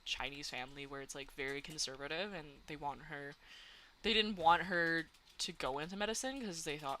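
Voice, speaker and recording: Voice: medium pitch, moderate pace, sharp tone, a little hiss or hum. A young adult streamer from Canada chatting casually while gaming, giggling often and filling talk with "like". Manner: chatty, giggly, many "like" fillers.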